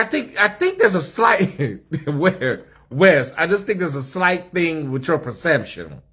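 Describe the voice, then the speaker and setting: An American man hosts a casual live stream from a hotel suite, chatting sassily and responding directly to viewers in the comments. His voice is mid-range, fairly bright, and slightly rough.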